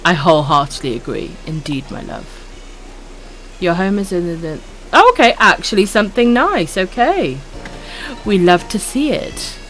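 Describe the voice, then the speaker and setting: A woman's voice: on the low side, expressive, normal speed, a bit bright, faint music behind. A woman with a Welsh accent chatting casually on a live stream while gaming, swearing freely and calling viewers love and sweetheart. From Wales.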